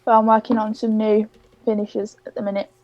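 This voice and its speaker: A woman's voice: mid-range voice, level tone, fairly quick, no room sound, lo-fi sound. A woman, a guest wrestler chatting casually, hesitant and laughing at times. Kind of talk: casual chat.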